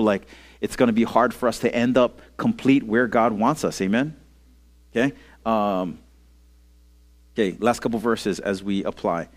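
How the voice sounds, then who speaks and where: A medium-pitched male pastor gives young listeners a relaxed, talky sermon, frequently asking "okay?" and "amen?" while leading call-and-response. The recording is audio only.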